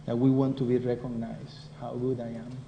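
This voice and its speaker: A man's voice: medium pitch, little pitch movement, normal speed, gravelly, lo-fi sound. A man with a Spanish accent giving a devotional class lecture, talking conversationally and often putting questions to his listeners. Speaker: scripture class teacher. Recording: roomy hall echo with faint noise.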